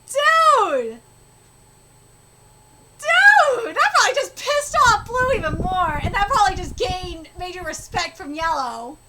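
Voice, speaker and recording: A woman reading manga dialogue aloud on a live reaction stream, loud, excitable and heavily profane. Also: very high voice, normal speed, few pauses. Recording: loud background noise.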